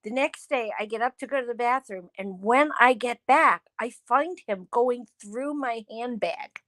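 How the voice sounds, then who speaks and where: Animated woman telling stories, dry sound. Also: on the high side, a little slow, no room sound. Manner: animated storyteller, acts out quoted dialogue. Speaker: host. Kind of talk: casual chat.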